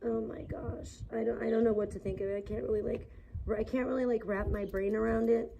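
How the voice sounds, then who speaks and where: A woman's voice: on the high side, fairly even intonation, fairly quick, vocal fry, dull audio, noisy background. A woman livestreaming outdoors in the sun, rambling and gossiping in a casual, filler-heavy way.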